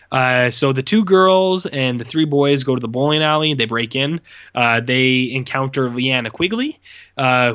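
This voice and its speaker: Man, podcast co-host, casual rambling recap, bright forceful voice, dull lo-fi sound. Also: medium pitch. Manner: rambling, loose, lots of fillers. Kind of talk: casual movie review chat.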